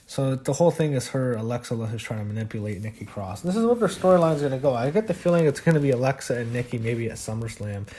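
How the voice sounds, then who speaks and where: Blunt, low-voiced man recapping wrestling. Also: darkish tone, a little hiss or hum. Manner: blunt, dismissive, profane, with frequent fillers. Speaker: wrestling show reviewer. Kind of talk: casual recap monologue.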